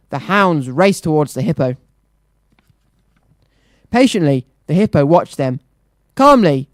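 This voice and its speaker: A children's radio presenter reading a picture book aloud, lively and rhythmic. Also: medium pitch, no echo.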